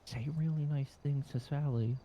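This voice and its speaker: A man's voice: medium pitch, steady tone, moderate pace, dark tone. A man in an in-character roleplay, crude and joking, egging the others on. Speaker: roleplay player.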